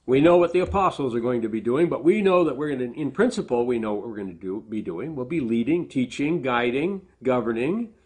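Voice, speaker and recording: A man's voice: medium pitch, animated, brisk, hardly any pauses, darkish tone, husky. A man preaching a sermon, reading scripture aloud with lifted emphasis and then explaining it in plain, conversational asides. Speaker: pastor.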